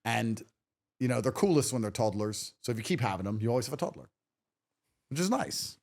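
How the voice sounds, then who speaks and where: A man's voice: medium pitch, animated, brisk, a little mellow. A man talking as a podcast guest in a casual chat, brash and profane, telling stories with swagger.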